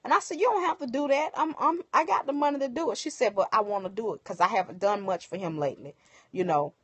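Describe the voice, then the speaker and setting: A woman telling viewers a personal story in casual, animated speech, acting out the other people's lines. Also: a little high, quick pace, husky, no echo. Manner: emotional, animated retelling with quoted dialogue. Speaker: livestream host. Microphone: phone.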